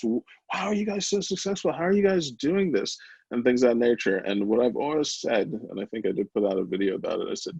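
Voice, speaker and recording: A man's voice: sits low, creaky, a little mellow, slightly rough, dry recording, highs cut off. A man, founder of a small company, talking candidly in an interview, open and emotional, with many fillers and restarts. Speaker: brownie company founder, guest.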